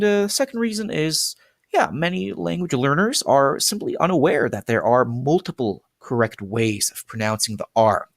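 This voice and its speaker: A man's voice: medium pitch, fairly bright tone, no echo, clean studio sound. A young man giving an earnest lesson presentation on pronunciation, with frequent fillers and restarts. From United States. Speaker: language teacher. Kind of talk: explanatory presentation.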